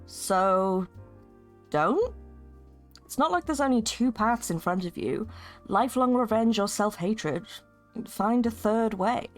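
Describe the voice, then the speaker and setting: A man's voice: high voice, animated, takes it slowly, pauses often, soft background music. A streamer, a man, voicing a blunt female supervillain in a game with a put-on American accent, reading the dialogue a bit stiffly. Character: female gig-economy supervillain, blunt, supportive.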